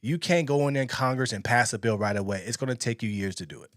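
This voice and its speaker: A man's voice: mid-range voice, fast talker, fairly bright tone, dry recording. Blunt man in dry commentary. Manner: blunt, emphatic, rambling. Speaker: commentator reacting to a clip. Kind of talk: casual opinion commentary.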